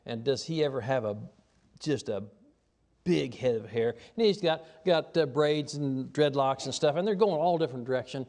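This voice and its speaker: A middle-aged man preaching a sermon as pastor, in a folksy storytelling way that moves from quiet asides to raised, emphatic lines. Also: medium pitch, moderate pace.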